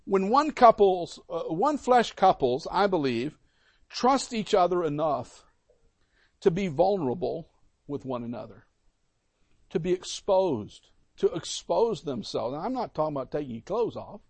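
A middle-aged pastor delivers an emphatic sermon, leaning on repetition to drive points home. His voice sits high and swoops widely up and down. The sound is dry and close. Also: big pitch swings, a little slow, dry recording.

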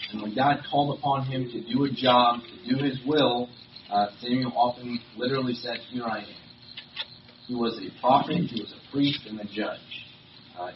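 A man preaching a sermon in a relaxed, conversational manner, often restarting his sentences and filling pauses. He is picked up from a distance in a reverberant hall. The recording is dull and lo-fi, with a faint hiss underneath. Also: medium pitch. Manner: conversational with frequent fillers and restarts. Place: church or meeting hall.

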